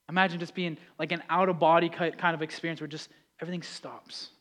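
A man preaching a sermon, talking with the congregation, swinging from loud pleading passages to hushed calm ones. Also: a little high, fairly quick. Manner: builds to loud impassioned pleas, then drops to hushed calm; conversational preaching with audience questions. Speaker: pastor.

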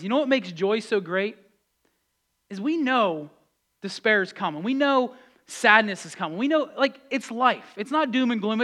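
A man's voice: extremely high pitch, pushed and bright. A middle-aged man preaching a sermon as pastor, exhorting and repeating key phrases with conversational asides to the congregation.

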